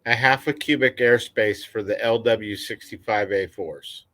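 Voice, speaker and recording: Slow laid-back man talking gear. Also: fairly low pitch, fairly bright tone, no echo. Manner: laid-back, technical, measured. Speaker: guest. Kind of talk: casual chat on a live stream.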